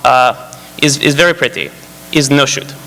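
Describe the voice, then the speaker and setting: A man's voice: medium pitch, moderate pace, vocal fry, bright, forceful tone. A curt Norwegian film director speaks in clipped, broken English, put on by a man on a panel. The voice rings through an echoey hall over a faint hum. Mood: blunt.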